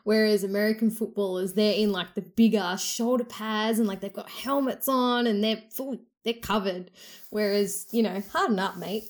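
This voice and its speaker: A woman's voice: medium pitch, fairly even intonation, normal speed. A woman with an Australian accent, chatting casually as a podcast co-host, blunt and sweary. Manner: blunt, sweary, laughs easily. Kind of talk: casual chat.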